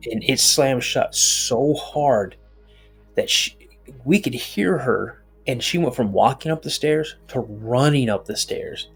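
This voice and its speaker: Middle-aged man, husky voice, animated story, many restarts, faint music. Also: medium pitch, slow pace. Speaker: podcast guest. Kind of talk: telling a personal story.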